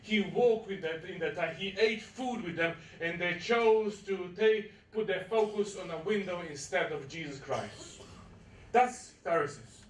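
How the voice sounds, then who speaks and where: A man's voice: high-pitched, a bit bright, far from the mic. A male pastor giving a sermon, telling a story with playful asides to the congregation. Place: church hall. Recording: echoey church from afar.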